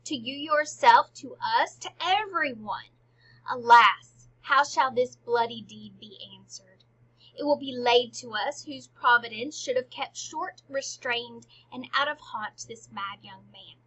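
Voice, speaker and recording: A woman reading the lines of a troubled, scheming middle-aged king in a loud, emphatic voice. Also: on the high side, unhurried, slightly rough, heavily acted, poor audio. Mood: lamenting.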